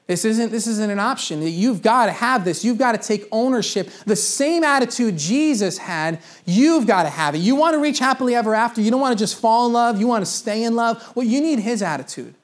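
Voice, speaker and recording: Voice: medium pitch, expressive, fairly quick, hardly any pauses. A pastor preaching a sermon in a conversational way, repeating key phrases for emphasis.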